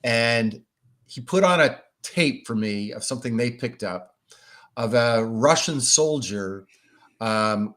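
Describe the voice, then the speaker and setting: A man's voice: medium pitch, a bit bright. A middle-aged man answering interview questions in a thoughtful way, with frequent restarts and fillers. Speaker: guest, Russia expert.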